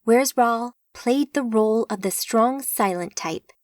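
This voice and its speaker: A woman narrating an audiobook in a measured, unhurried reading. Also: on the high side, a little mellow, dry recording, clean studio sound. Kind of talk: scripted narration.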